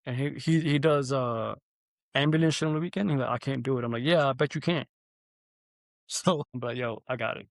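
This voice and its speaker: A man's voice: medium pitch, a little fast, vocal fry, no echo. Casual New man telling stories. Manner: animated storytelling, heavy profanity, swings loud and soft. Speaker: podcast host. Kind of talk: casual chat.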